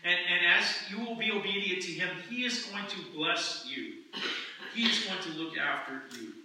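Male pastor, bright and fairly high voice, chatty sermon delivery, roomy echo from a distance. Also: moderate pace. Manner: conversational, animated storytelling with acted-out quotes. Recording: echoey room, mic at a distance, faint noise.

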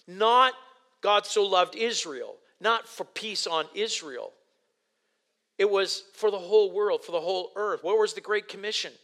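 High, bright-voiced excitable male preacher. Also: a little slow. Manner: animated, excitable, many restarts, bursts of loud exclamation. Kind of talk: sermon.

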